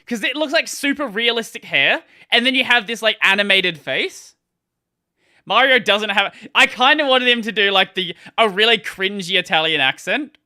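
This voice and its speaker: A gaming streamer gives casual live-stream commentary in a high, bright, forceful voice with lively intonation and a moderate pace. He rambles, laughs a lot and keeps restarting sentences as he reacts to the game.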